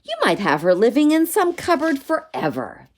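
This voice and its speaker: A woman's voice: high voice, wildly swooping pitch, normal speed, pitched above the performer's own voice. A woman voicing a sensible young boy in a storybook, speaking earnestly and with warning.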